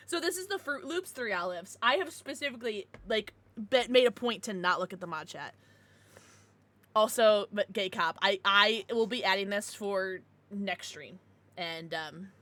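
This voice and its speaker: A woman streamer chatting casually with her viewers, excitable and swearing freely. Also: medium pitch. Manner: laughs and gasps often. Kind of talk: casual livestream chat with viewers.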